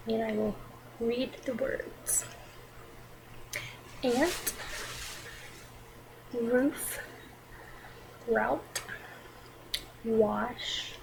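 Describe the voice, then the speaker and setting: A young woman from the American South with a Georgia accent talks slowly and hesitantly, breaking off a word list for chatty little asides. Her voice sits a bit high with a gravelly fry at the edges. A steady hiss runs under the home recording. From Athens, Georgia, US. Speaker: vlogger.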